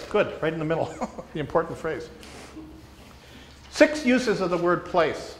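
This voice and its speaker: A man teaching a small group how to read scripture closely, speaking deliberately and repeating key words for emphasis while asking the room questions. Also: fairly high pitch, big pitch swings, slight background noise. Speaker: teacher leading a workshop for pastors. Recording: echoey room with faint ambience.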